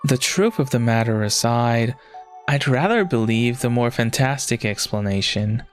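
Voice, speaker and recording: A man reading a calm woman's grim legend. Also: mid-range voice, normal speed, soft background music, lightly acted. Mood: ominous. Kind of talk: reading a visual novel aloud.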